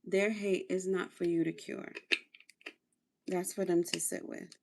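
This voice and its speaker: A woman hosting a relaxed livestream, talking while she does her skincare. Her voice sits a little low, with lots of gravelly vocal fry. She coaches her viewers and repeats her phrases for emphasis. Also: unhurried, a little hiss or hum. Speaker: livestream host. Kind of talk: casual livestream chat during a skincare routine.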